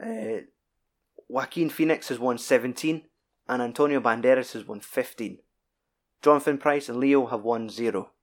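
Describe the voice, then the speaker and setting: Man, casual film chat, sweary, rambling, middle pitch. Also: expressive. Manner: sweary, rambling, quick bursts.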